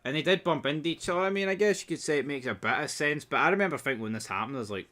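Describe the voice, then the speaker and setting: A man rattles through a casual TV recap in a bright, forceful voice. He is blunt and sarcastic and swears freely. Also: on the high side, rapid-fire, hardly any pauses. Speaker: TV episode reviewer.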